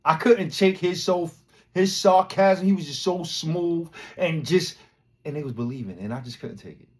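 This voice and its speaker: A man from Brooklyn, hosting a podcast and telling a story in a casual, slang-heavy way, acting out loud quotes as he goes. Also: on the high side, moderate pace. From Brooklyn, New York. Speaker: podcast host.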